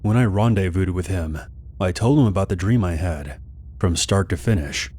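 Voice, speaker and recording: A man with a low, deep voice reads a horror story aloud. His delivery is calm and steady, like scripted narration for a scary story channel. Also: moderate pace.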